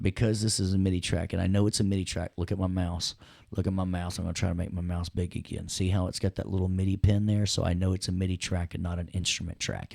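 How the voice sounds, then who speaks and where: A deep, gravelly man walks students through audio software in a loose, chatty lesson. He jokes and checks in with the class as he goes. The sound is dry and close. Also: dry recording. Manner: chatty, jokey, addresses students directly. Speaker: audio production instructor. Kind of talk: casual screen-share software lesson.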